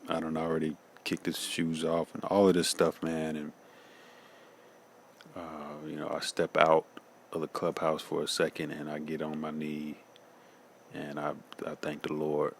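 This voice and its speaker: A man's voice: rumbling low, monotone, a little slow, slight background noise. A man giving a casual personal testimony, slangy and loose, often saying "man" and "you know.".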